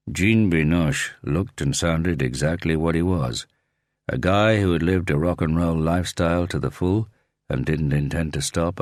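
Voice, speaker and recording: A man with an extremely deep voice reads a thriller audiobook in a steady, measured way. The recording is close and dry, with no sense of a room around him. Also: dry recording. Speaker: audiobook narrator. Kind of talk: scripted narration of a thriller audiobook.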